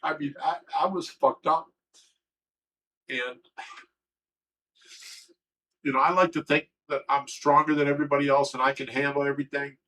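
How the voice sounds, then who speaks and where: A man's voice: on the high side, steady tone, moderate pace, long pauses, bright, forceful tone, low-quality recording. A livestream host talking candidly and emotionally, rambling and swearing as he tells a personal story. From Ohio.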